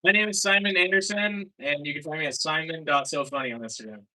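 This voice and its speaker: A young man from Seattle doing a deadpan stand-up set with many halting fillers, in a small comedy club. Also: a little high. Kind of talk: stand-up set at an open mic.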